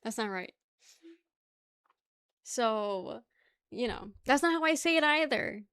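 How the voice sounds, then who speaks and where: A woman's voice: on the high side, animated, takes it slowly, a bit bright, clear, resonant tone, no room sound. Chatty New woman streamer, dry sound. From New York. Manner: chatty, laughs a lot, argues playfully with chat. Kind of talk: casual live-stream chat.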